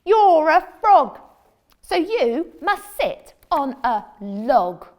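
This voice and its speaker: A woman voicing a bossy cat in a picture book, shouting orders in a high, loud voice. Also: sing-song, very slow, heavily acted. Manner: shouty and commanding.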